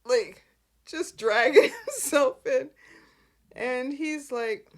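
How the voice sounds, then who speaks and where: A woman's voice: sits high, drawn-out words. A woman hosting a podcast who recaps soap opera scenes casually, acting out the characters' lines and laughing often. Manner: animated, acts out characters' lines in voices; laughs often while telling. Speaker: podcast host.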